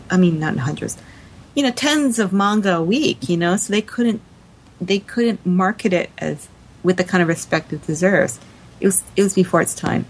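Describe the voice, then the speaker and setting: A woman on a podcast panel, talking quickly and animatedly with frequent restarts in casual discussion. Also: mid-range voice, poor audio.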